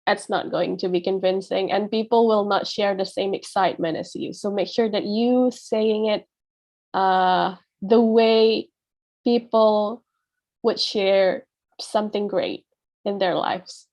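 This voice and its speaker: Slow, patient woman teacher. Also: medium pitch, fairly even intonation, darkish tone. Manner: patient and explanatory, with frequent "yeah" check-ins; acts out example phrases with a changed tone. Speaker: English teacher. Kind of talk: explaining a lesson to students.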